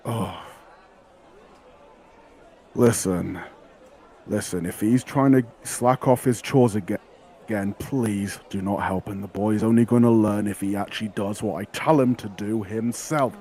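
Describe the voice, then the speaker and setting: A man's voice: fairly low pitch, a little slow, pauses often, warm tone, some chatter behind. A man voicing a grumpy middle-aged butcher father who talks curtly. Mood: stern. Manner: curt, irritated.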